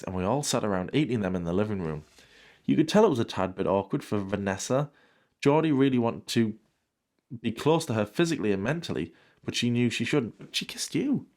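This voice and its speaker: Reading a piece of fan fiction aloud, this man has a lowish, slightly mellow voice. He interrupts himself with dry sarcasm and mock outrage, so the whole thing plays as a comedic reading full of asides.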